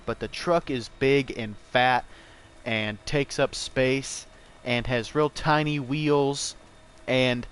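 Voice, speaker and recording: This young gameplay streamer has a smooth, slightly bright mid-range voice. He rambles loosely and profanely as he plays, calling his viewers "bro" and "man."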